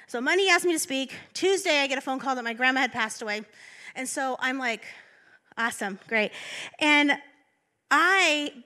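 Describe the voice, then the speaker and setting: A woman's voice: high voice, sharp tone. A woman assistant pastor giving a candid, self-deprecating sermon as she tells a personal story.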